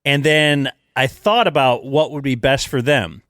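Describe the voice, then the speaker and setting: A middle-aged talk show host sets up a long, rambling question in casual chat. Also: male voice, medium pitch, fairly even intonation, measured pace, a bit bright, no echo, clean studio sound.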